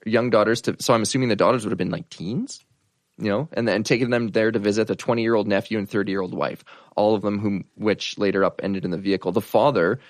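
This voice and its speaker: Low-voiced guy talking fast, sarcastic, dry mic. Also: fairly even intonation, no echo. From Canada. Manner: quick, sardonic, swears casually. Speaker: podcast host. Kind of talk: casual chat.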